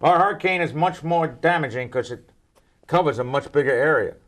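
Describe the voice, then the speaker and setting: Older man, wisecracking, rambling, pun-heavy weather talk, somewhat high-pitched. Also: fairly quick, a bit bright. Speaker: weather expert guest. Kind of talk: joking weather Q&A.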